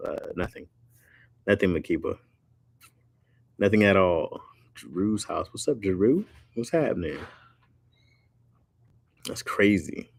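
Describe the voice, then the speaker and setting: A man's voice: deep voice, vocal fry, husky, dry recording. A man hosting a casual live stream, talking loosely and jokingly with slang while reacting to viewer comments.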